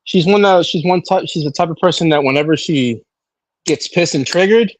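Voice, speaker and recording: A man in casual chat, talking loudly and insistently about his own experience. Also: on the high side, normal speed, dry recording, rough recording. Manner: emphatic, loud and insistent.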